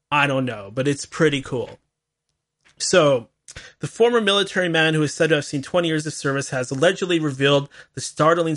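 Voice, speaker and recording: A man's voice: a little high, a bit bright. A man hosting a call-in talk radio show, rambling and chatty with laughing asides.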